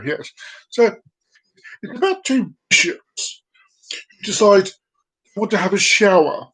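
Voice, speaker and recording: A man's voice: sits high, expressive, takes it slowly, long pauses, fairly bright tone, rough recording. A man hosting a casual live comedy show, chatty and playful, giggling at his own jokes. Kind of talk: casual joke-telling.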